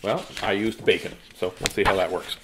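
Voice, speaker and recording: A man's voice: low voice, steady tone, a little fast, noisy background. A man from Canada telling a funny story and reading a children's book aloud in a playful, joking way.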